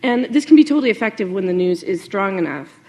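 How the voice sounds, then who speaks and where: A woman journalist giving a lively talk to an audience, animated, with many fillers and asides. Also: mid-range voice, quick pace.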